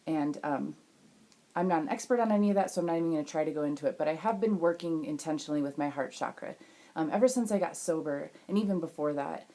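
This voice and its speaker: A woman's voice: deep voice, mellow. A young woman talking candidly to camera in a casual vlog, rambling with frequent restarts. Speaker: vlogger.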